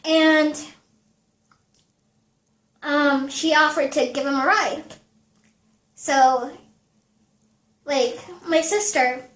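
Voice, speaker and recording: A young woman recounts a personal story in a casual vlog, her voice set high. She talks at an unhurried pace, animated and full of fillers and swearing. The room gives her voice a noticeable echo. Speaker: vlogger.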